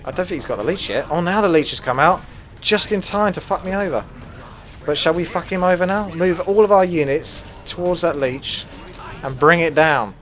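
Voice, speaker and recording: A man's voice: on the high side, normal speed. Sweary man commentating a game. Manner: swears a lot, flares into loud rage then calms. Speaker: gaming commentator. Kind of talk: gameplay commentary.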